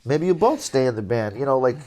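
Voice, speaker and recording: A middle-aged man settles into a sit-down interview and tells long anecdotes about his years as a musician. His voice sits at an average pitch, and he gets animated as the stories build, chuckling along the way. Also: fast. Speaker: interview guest, jazz trombonist. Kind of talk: relaxed storytelling.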